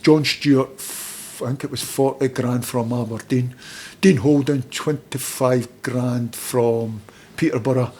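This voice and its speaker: A man's voice: medium pitch, steady tone, unhurried, darkish tone, slight background noise. Scottish man telling rambling football stories. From Scotland. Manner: rambling anecdotes, acts out quoted voices. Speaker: guest, former footballer and manager. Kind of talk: casual storytelling interview.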